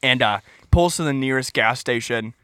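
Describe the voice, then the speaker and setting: A man's voice: medium pitch, normal speed, bright, forceful tone, clean tone, dry recording, clean studio sound. A young man co-hosting a podcast in casual chat, telling stories animatedly with laughs and acted-out quotes. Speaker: podcast co-host.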